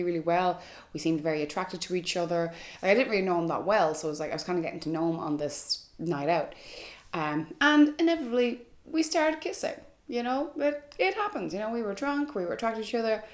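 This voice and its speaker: A woman's voice: fairly low pitch, animated, quick pace. A young woman vlogger telling a personal story to camera, candid and frank, with lots of "like" and "you know". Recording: echoey room.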